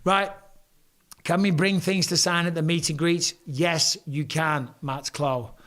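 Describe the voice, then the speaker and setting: Hoarse and strained, with a pitch slightly high for a man, an English streamer reads viewer comments on a casual live stream and replies with cheeky banter and offhand swearing. His tone is steady and fairly bright, and his pace is slow.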